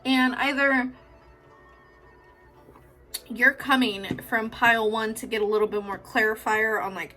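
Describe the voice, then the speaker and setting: A young woman doing a casual tarot reading, swinging from hushed prayers to loud, laughing, swearing outbursts. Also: on the high side, fairly even intonation, a little slow, pauses often, soft background music. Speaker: tarot reader.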